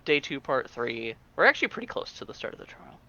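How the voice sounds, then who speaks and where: Bright playful man doing game commentary. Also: mid-range voice, big pitch swings, fast talker, muffled recording. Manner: playful, does silly voices. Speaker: let's play co-host. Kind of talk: casual let's play commentary.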